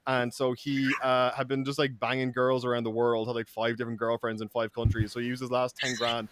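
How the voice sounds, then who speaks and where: Fast-talking crude young man on a podcast. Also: mid-range voice, flat delivery, background noise. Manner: rapid rambling storyteller, crude, heavy fillers. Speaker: podcast co-host. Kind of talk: casual podcast chat.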